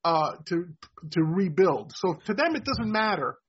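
A man's voice: high voice, big pitch swings, unhurried, fairly bright tone, muffled recording. A man hosting a casual sports podcast. He explains things at length and keeps checking in with "right?". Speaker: podcast host.

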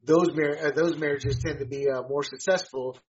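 A man with a somewhat high voice hosts a casual podcast chat. He talks haltingly, full of uh's and restarts. The recording sounds dull and lo-fi. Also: steady tone. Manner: halting, many fillers and restarts. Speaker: podcast host. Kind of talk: casual conversation.

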